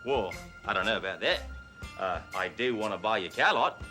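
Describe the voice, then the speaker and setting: An actor playing a cop who poses as a boastful, brash rich Australian car dealer, with a hammy put-on Australian accent and heavy slang. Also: male voice, fairly low pitch, lively intonation, normal speed, bright, forceful tone, faint music behind. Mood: flirty. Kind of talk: 1980s sitcom acting.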